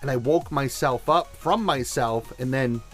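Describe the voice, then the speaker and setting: Unhurried and medium-pitched, a man hosts a show with a casual blend of storytelling and instruction, delivering tips with enthusiasm. Faint music can be heard behind him.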